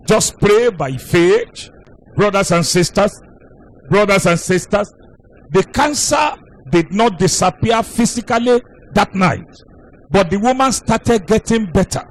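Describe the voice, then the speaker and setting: High-voiced man preaching a sermon. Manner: emphatic, repetitive preaching cadence. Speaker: pastor.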